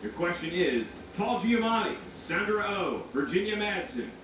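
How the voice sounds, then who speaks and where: A man's voice: high voice, big pitch swings, normal speed, crowd noise. A man hosting a casual reaction chat, joking and counting down answers playfully. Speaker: reaction show host. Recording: echoey room, distant mic, background noise.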